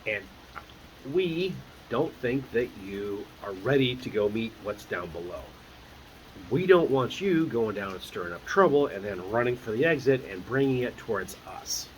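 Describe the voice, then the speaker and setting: A man voicing a wary, blunt deep gnome priestess in a tabletop game, speaking in a matter-of-fact, warning way. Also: lively intonation, normal speed, a little hiss or hum, close to an everyday voice, poor audio.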